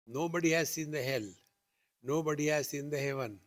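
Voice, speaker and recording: A man's voice: on the high side, brisk. A man giving a spiritual discourse at a retreat, telling stories and acting out both sides of the dialogue with rising questions. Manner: lively storytelling, acts out dialogue with rising questions. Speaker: spiritual teacher. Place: retreat hall.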